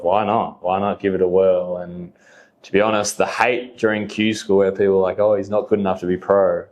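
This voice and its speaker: Rambling Australian man, lowish voice. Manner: rambling, full of "like" fillers, laughs often. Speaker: podcast guest. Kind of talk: casual conversation.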